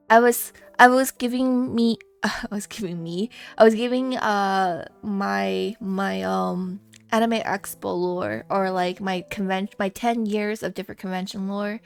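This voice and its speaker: Young female streamer, casual animated storyteller, mid pitch, soft music behind. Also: unhurried, vocal fry. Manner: animated storytelling, laughs and swears. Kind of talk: casual live-stream chat.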